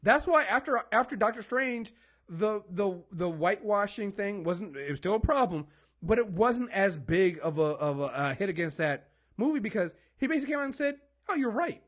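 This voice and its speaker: His voice sits high and fairly bright, animated at a normal speed, as this man co-hosts a podcast and vents in casual talk. The rant is emphatic and full of swearing, with frequent stumbles on repeated words.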